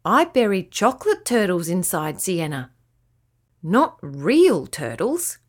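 A woman voicing an eager, excited young boy at a beach party. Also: fairly low pitch, takes it slowly, heavily acted. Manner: eager, exclamatory.

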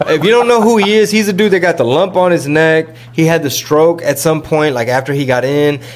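A man hosting a podcast in a casual, rambling, slang-heavy chat, often mimicking other people in quick asides. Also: a little high. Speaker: podcast host.

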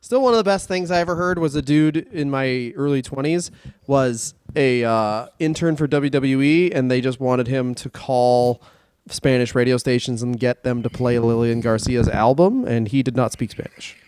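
A man's voice: mid-range voice, normal speed, a little mellow, clean tone, no room sound, studio quality. A man co-hosting a comedy podcast, chatting casually in a rambling, jokey way that trails off.

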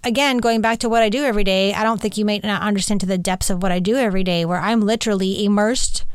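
Woman host, candid solo podcast; earnest, halting, rambling delivery, smooth clear tone, close dry sound. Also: medium pitch, no echo. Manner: rambling, earnest, halting with many fillers and restarts. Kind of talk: candid personal monologue.

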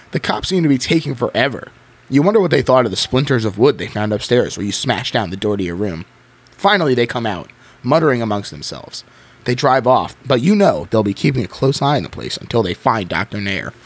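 Husky-voiced man reading aloud expressively. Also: medium pitch. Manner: expressive reading with frequent laughs. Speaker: podcast host. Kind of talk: reading aloud a choose-your-own-adventure book with banter.

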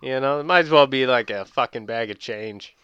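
Bright, clear-voiced young man rambling. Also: mid-range voice, a little fast, no echo, highs cut off. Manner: rambling, profane storytelling, loud bursts when amused. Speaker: podcast host. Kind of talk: casual chat.

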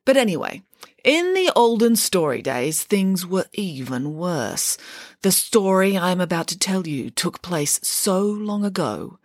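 A woman's voice: fairly low pitch, sing-song, measured pace, dry recording, studio quality. Nanny Piggins, a woman voicing a pompous pig nanny. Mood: grandly dramatic. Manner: pompous, theatrical declaiming. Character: grand, self-assured female pig nanny.

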